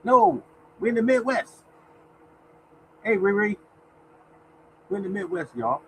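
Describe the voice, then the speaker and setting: A man's voice: high voice, animated, unhurried, gravelly, slight background noise, rough recording. Chatty man hosting a lottery stream. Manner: chatty, greets viewers by name, reads numbers aloud; mutters softly to himself while searching. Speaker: lottery show host. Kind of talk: casual live-stream chat.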